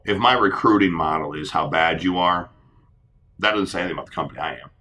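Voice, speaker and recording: A man's voice: deep voice, quick pace. A middle-aged man answering questions on a live panel as an insurance agency leader, telling stories earnestly and acting out conversations. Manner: earnest, animated storytelling, acts out conversations.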